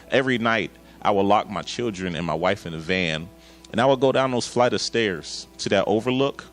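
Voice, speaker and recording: A man in his thirties preaching a sermon, telling an emotional personal story and acting out his dialogue with God. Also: lowish voice. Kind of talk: sermon testimony.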